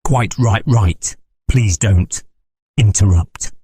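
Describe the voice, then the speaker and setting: A man's voice: fairly low pitch, slow pace, warm tone, slightly rough, full character voice. A man voicing a flustered middle-aged village vicar who speaks with a curious jerking intonation. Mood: strained.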